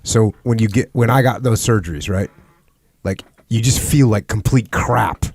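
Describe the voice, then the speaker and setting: A man's voice: on the low side, normal speed, darkish tone, no room sound. A man hosting a podcast, asking direct, plain-spoken questions in an interview. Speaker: podcast host.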